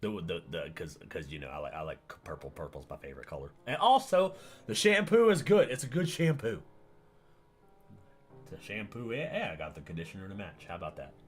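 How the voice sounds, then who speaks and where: A man's voice: sits low, animated, a little fast, breathy edge, faint music behind. A man livestreaming and chatting casually with his viewers, rambling, stammering and repeating words, laughing often and getting sidetracked.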